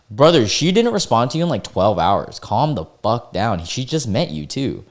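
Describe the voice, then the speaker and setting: A man's voice: medium pitch, normal speed, few pauses. A young man hosting his channel, reading Reddit posts aloud and reacting to them with sarcastic, disbelieving asides. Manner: incredulous, sarcastic asides with frequent laughs; reads quoted messages in a flat deadpan. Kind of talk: comedic reading and reaction commentary.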